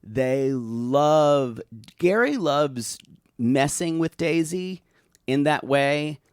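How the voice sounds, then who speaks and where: A man's voice: a little high, lively intonation, smooth, no echo, clean studio sound. A man co-hosting a podcast, chatting casually and rambling with many restarts. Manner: rambling, restarts often, does quick impressions. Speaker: podcast co-host. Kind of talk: casual recap chat.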